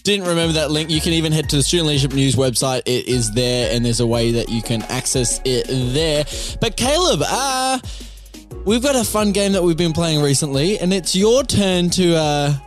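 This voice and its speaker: A man's voice: on the high side, normal speed, soft background music. A young man co-hosting a casual podcast, playful and laughing as he runs a quiz game. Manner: playful, laughs often, game-show patter. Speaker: podcast co-host.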